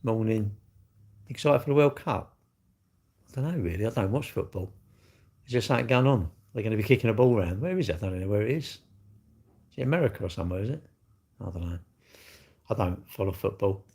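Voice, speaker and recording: Middle-aged English man, live-stream host; low, gravelly, rambling and cheeky. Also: expressive, brisk, pauses often, darkish tone. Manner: rambling, cheeky, jokey banter with chat. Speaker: livestream host. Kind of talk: casual live-stream chat.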